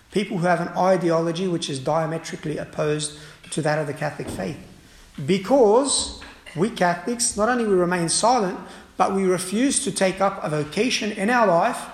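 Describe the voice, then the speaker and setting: A man who is a priest, preaching a sermon forcefully, with frequent "uh" fillers and restarts. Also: high voice. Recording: echoey room.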